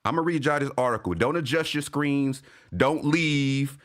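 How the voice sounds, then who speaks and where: Casual fan-stream host, male, mid-pitched voice, swings high and low with excitement, heavy slang and cursing. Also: normal speed. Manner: animated, profane street slang, shouts out viewers. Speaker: sports fan show host. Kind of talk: casual livestream commentary.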